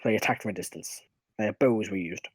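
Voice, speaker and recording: A man acting as dungeon master in a tabletop game, speaking for characters in his own halting voice. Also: on the low side, breathy edge, no echo, rough recording.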